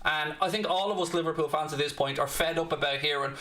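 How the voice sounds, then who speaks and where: Dublin Irish host, blunt and cheeky, bright edgy voice, a bit high, roomy echo. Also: male voice, a little fast, few pauses. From Ireland, Dublin. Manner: blunt, cheeky, swears freely. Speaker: fan channel host. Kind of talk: football watchalong chat.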